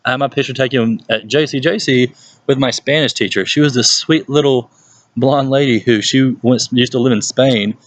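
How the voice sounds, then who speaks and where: A young man, a youth pastor telling stories in a casual, animated way and often laughing. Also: medium pitch, normal speed, no echo. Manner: animated storytelling, laughs often, puts on voices for people he quotes. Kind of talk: casual talk to a youth group.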